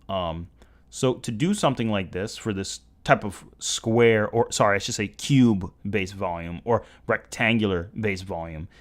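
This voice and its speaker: A man streaming live, talking casually as he works through calculations, often correcting himself, with keyboard typing heard behind him. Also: on the low side. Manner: rambling, self-correcting, working through math aloud. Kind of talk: casual livestream commentary.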